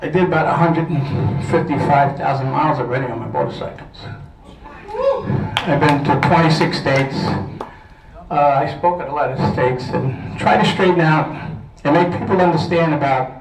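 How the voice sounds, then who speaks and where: A man's voice: a little high, normal speed, creaky, noisy background. A man with a Brooklyn accent, out of breath, giving a blunt, rambling speech to a crowd and laughing often. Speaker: speaker at a political social. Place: event hall. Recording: echoey room, from far off.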